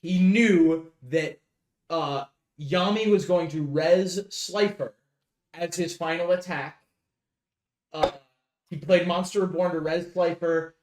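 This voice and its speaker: A man's voice: a little high, steady tone, slow, pauses often, a little mellow, roomy sound. A man co-hosting a podcast, recapping a show in casual chat, rambling with many fillers and swearing freely. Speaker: podcast co-host.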